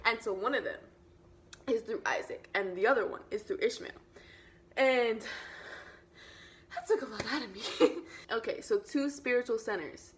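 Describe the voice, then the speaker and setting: An excitable young woman vlogger tells an old story in chatty, slangy language. Her voice sits at a middling pitch, and she sometimes slips into a whisper for an aside. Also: a little hiss or hum. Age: young adult. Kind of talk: casual storytelling vlog.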